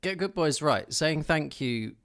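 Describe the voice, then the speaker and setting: A man's voice: a little high, lively intonation, measured pace, a bit bright. Playful man streaming a game. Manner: playful, teasing, chatty with viewers. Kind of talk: live gameplay commentary and chat. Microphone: streaming microphone.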